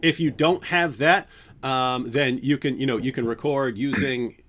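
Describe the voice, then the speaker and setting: A man's voice: medium pitch, unhurried, fairly bright tone. A man hosting a casual livestream, talking in a loose, rambling way full of fillers and restarts. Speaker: livestream host.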